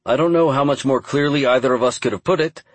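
A man voicing a calm, curt male government spokesman brushing off the press. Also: mid-range voice, a little fast, dry recording, close to an everyday voice.

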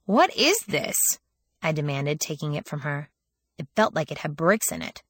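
A woman's voice: low voice, a little fast, no echo, clean studio sound. A woman reading a first-person audiobook in a wry, sardonic storytelling manner, lifting her voice for quoted lines. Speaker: audiobook narrator.

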